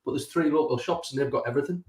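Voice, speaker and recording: A man's voice: a little high, racing, a little mellow, roomy sound. A male host joking and teasing his guest in a casual chat over a video call. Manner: teasing, jokey.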